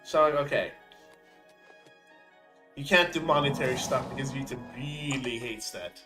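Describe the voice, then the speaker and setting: A man's voice: mid-range voice, measured pace, music in the background, rough recording. A man hosting a live game stream, rambling and joking with frequent laughter. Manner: goofy, laughing, rambling jokes. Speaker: streamer host. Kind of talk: live gameplay chat.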